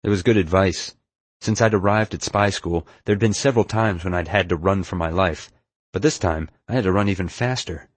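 A man reading a first-person adventure story aloud in a steady, measured way. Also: low voice, no echo. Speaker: audiobook narrator. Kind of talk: scripted first-person narration.

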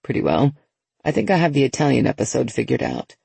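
A woman narrator voicing an easygoing young husband, relaxed and low-key. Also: fast, creaky, breathy edge, no room sound, exaggerated voice.

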